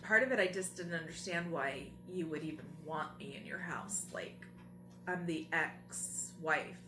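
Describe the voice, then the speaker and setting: A woman guest speaks candidly and from the heart in a casual conversation, her voice on the lower side. The room is echoey. Music plays clearly behind her. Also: a little slow.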